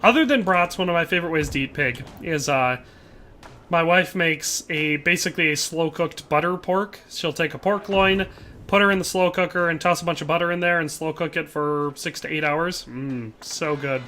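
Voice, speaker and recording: Young guy streaming a shooter, bright voice, slightly high, chatty, laughs a lot, headset mic. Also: moderate pace, a little hiss or hum. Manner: chatty, laughs often, trails off mid-sentence. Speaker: livestreamer. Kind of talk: casual gameplay commentary reading chat.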